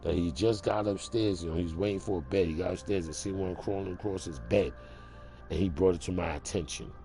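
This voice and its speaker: A man's voice: sits low, brisk, mellow, faint music behind. A man ranting casually to camera in a streetwise, emphatic way. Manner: streetwise, emphatic, repeats "bro". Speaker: vlogger.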